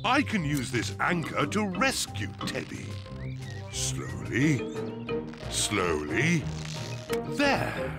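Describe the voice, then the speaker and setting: A man's voice: medium pitch, wildly swooping pitch, drawn-out words, long pauses, heavily acted. An actor voicing a boastful, jolly grown-up father pig in a cartoon, pompous and chuckling. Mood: careful. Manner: pompous, self-satisfied, chuckling. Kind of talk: cartoon voice acting. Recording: music under the voice.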